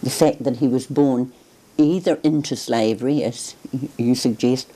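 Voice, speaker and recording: Older New woman with a very low voice. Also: moderate pace, mellow, poor audio. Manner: reflective, hesitant with restarts. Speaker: interviewee recalling her grandfather. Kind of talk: oral history interview.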